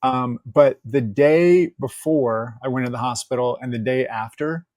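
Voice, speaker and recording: Podcast guest, male, middle pitch, lively storyteller, dry close mic. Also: a little slow, dry recording. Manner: animated storyteller, laughs often, acts out quotes. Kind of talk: casual interview storytelling.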